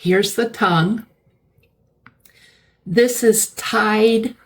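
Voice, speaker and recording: A woman teaching English vocabulary, explaining words slowly and repeating key terms. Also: a little high, steady tone. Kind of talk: slow classroom-style vocabulary lesson.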